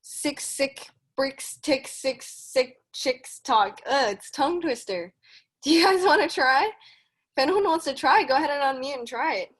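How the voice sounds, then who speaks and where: This high-pitched, animated woman has a fairly bright tone. She's leading a children's read-along over video, taking a picture book slowly and carefully while cheering the little ones on between lines.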